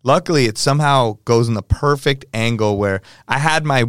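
A man's voice: mid-range voice, moderate pace, a bit bright, clean tone, no room sound, studio quality. A man, a DJ, telling stories in casual podcast chat, acting out quotes from people and swearing casually.

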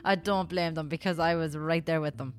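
A bubbly Irish woman co-hosts a podcast, teasing her partner and laughing easily through the casual chat. Her voice sits a little low for a woman, and soft music plays faintly behind her. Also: steady tone, brisk, clean tone. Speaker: podcast co-host.

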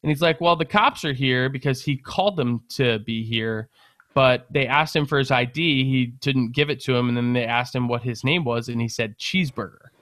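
A young man casually telling a long story on a podcast, animated, swearing and laughing as he goes. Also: mid-range voice, moderate pace, no room sound. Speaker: podcast co-host.

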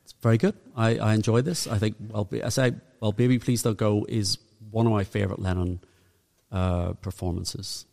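A man's voice: fairly low pitch, steady tone, moderate pace, gravelly, darkish tone, long reverb tail. A man with a Northern Irish accent co-hosting a podcast, chatting casually and reeling off dates and facts. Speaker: podcast co-host. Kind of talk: casual chat.

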